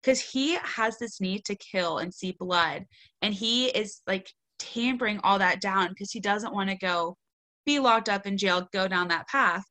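A woman co-hosting a podcast, reviewing a book in animated casual chat and swearing freely. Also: mid-range voice, a little slow. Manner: animated, swears freely, quotes lines in a dry deadpan.

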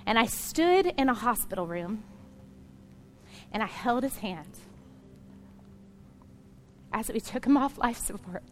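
Woman pastor preaching, high voice, earnest, gets loud and emphatic, talks right to the crowd. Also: animated, slow, long pauses, a little hiss or hum. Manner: direct appeals to the congregation. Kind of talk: sermon.

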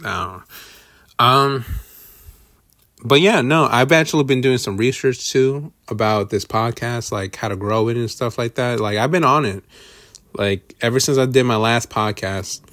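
A man's voice: medium pitch, normal speed, a bit bright, dry recording, clean studio sound. A man hosting a solo podcast, rambling casually with lots of swearing and self-deprecating asides. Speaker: podcast host.

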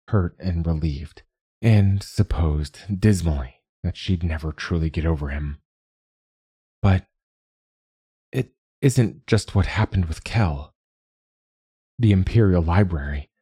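A man narrating a story as an audiobook reader, in a measured, even storytelling manner. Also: sits low, slightly rough, no room sound, studio quality. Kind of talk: scripted narration.

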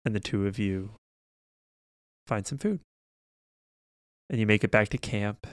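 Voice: deep voice, measured pace, no room sound. A game master running a tabletop session, wry and teasing with the players.

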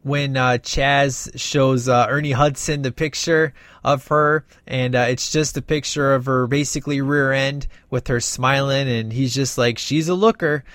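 A man's voice: medium pitch, little pitch movement, measured pace, few pauses, a bit bright, no room sound. A man casually reviewing a film in a rambling, enthusiastic way, with many fillers. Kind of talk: casual movie review monologue.

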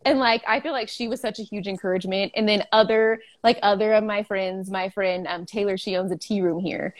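A woman's voice: medium pitch, steady tone, brisk. A young woman who owns a food truck, chatting casually in an interview, laughing often and filling her talk with "like". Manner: chatty, laughing, many "like" fillers.

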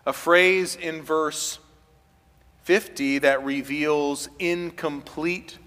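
A man preaches from the pulpit, his voice high and piercing. He swells into loud, urgent passages and carries long reverb from the church hall around him. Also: fairly even intonation, drawn-out words, clean tone. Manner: preaching with rising intensity, voicing quoted pleas loudly. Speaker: pastor. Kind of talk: sermon.

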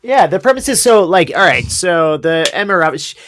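A man's voice: sits high, sing-song, brisk, fairly bright tone, slight background noise. Rambling man on a casual podcast. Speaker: podcast guest. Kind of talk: casual chat.

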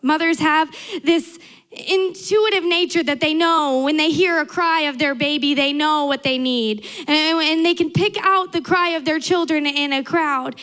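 Young woman preacher, high bright voice, earnest sermon with repeated emphatic lines. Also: a little slow.

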